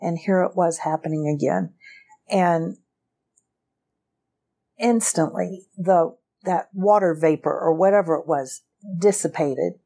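A woman recounting a personal experience as an interview guest, unhurried and often breaking into a laugh. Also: fairly low pitch, dark tone.

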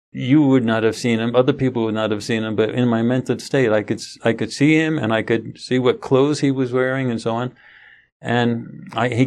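Speaking at medium pitch with a slightly mellow sound, a middle-aged man being interviewed rambles through a long story, frequently starting over.

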